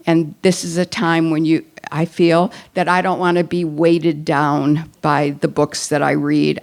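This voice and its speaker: An older woman giving a live talk that recommends books, chatty and enthusiastic, with many fillers and restarts. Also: on the low side. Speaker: book recommendation speaker. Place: event hall at a breakfast gathering.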